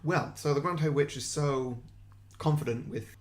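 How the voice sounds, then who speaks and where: A young man co-hosting a podcast, pitching a film sequel in a self-deprecating, giggly way. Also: moderate pace. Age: young adult. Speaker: podcast co-host. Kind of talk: comic story pitch.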